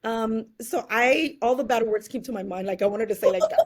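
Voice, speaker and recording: A woman's voice: a little high, sing-song, a little slow, darkish tone, breathy edge. A woman guest telling her life story in an interview, acting out the people she quotes and laughing often. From California, USA.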